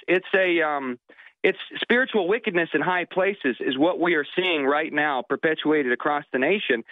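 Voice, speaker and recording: A man with a high voice calls in over a thin, tinny phone line. He is from Wyoming and talks haltingly, stumbling and restarting his sentences. The sound is dry and close. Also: no room sound. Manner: halting, many restarts and fillers. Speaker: caller, stand-up comedian. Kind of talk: phone-in call.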